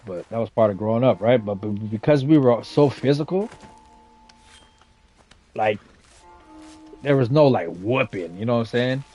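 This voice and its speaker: The voice is a man's, fairly low and darkish with a breathy edge: a gaming streamer from the west side of San Jose, California, telling stories casually as he plays. His talk is relaxed, profane street slang, full of "you know what I'm saying" and "right?".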